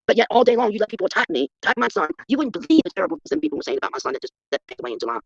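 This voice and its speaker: A middle-aged or older speaker pours out words very fast in an emphatic, defensive manner, with a gravelly edge. The pitch swings widely. The stream audio is dry and muffled. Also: huge pitch swings, no room sound. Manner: emphatic, defensive, talks in rushes. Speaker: guest on a livestream. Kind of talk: casual livestream chat.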